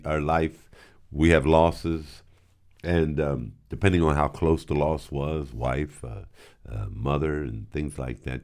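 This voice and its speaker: An older man spins long anecdotes from his radio days, his voice a little low but swinging widely in pitch. He breaks into mimicry and sound effects as he goes, casual and unscripted. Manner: animated storyteller doing voices and sound effects. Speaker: host, former radio DJ. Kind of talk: casual storytelling.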